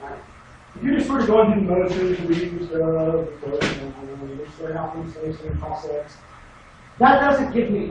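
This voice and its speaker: Speaking a little slowly with lively intonation and a fairly high voice, a man gives a casual debate lecture in class, full of wry sarcasm and occasional mocking impressions of students. It's captured from far off in a noisy, echoey room.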